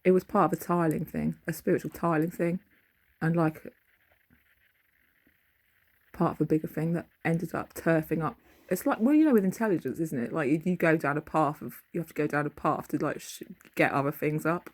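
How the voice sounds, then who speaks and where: A woman's voice: low-pitched, moderate pace. A middle-aged woman, casually rambling through a dream she had, often losing her thread and searching for words.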